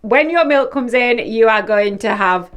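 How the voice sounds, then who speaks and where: Lively high-voiced northern English woman. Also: clean tone. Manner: chatty and quick to join in, acts out other people's lines. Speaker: podcast co-host. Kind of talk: casual chat. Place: podcast studio.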